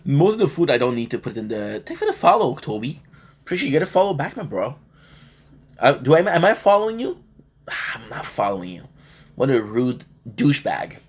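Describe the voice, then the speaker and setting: A man's voice: medium pitch, slight background noise. A male gaming streamer talks loosely to his live chat, joking around between bits of game commentary. He sounds worn out and a little under the weather, with a voice that sits in a middling range. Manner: laid-back, joking banter with chat. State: tired and feeling a bit sick.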